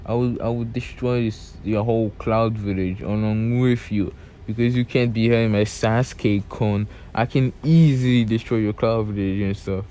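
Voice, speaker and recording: A man's voice: lowish voice, fairly even intonation, normal speed, warm tone, slight background noise, close to an everyday voice. Whiny haughty young female ninja, indignant, slightly raised, a young man doing her.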